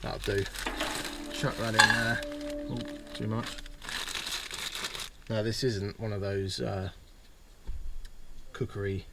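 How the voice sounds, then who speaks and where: Over loud music, a man with a lowish, level voice speaks slowly with frequent pauses. He's a van owner giving a chatty, self-deprecating demo of the bed and cooking arrangements in his campervan, parked at home, as he does tasks.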